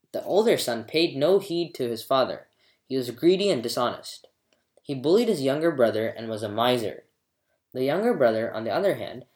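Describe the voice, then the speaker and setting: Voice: mid-range voice, a little mellow, roomy sound. A storyteller giving a scripted book review and then reading a folktale aloud with dramatic expression.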